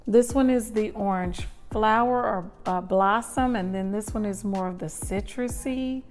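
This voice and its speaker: A woman talks slowly and unhurriedly through a casual unboxing at home, gushing and pausing with appreciative murmurs. Soft music plays faintly behind her. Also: mid-range voice. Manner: gushing, breathy pauses to smell. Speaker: lifestyle vlogger.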